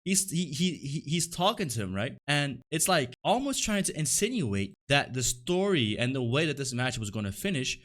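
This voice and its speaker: A man's voice: medium pitch, big pitch swings, normal speed, hardly any pauses, a bit bright. A young man ranting in a video commentary, heated and profane, peppering every sentence with "like" and "right?". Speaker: wrestling commentary YouTuber.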